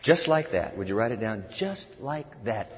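A man preaching a sermon to a congregation, animated, acting out a pleading servant in a whiny high voice. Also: normal speed, a little hiss or hum. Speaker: pastor. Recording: dull, lo-fi audio with long hall reverb.

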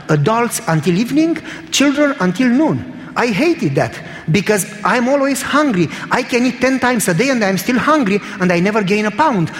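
A man's voice: high-pitched, big-room sound. A man preaching a sermon in a church, telling stories in an emphatic, conversational way.

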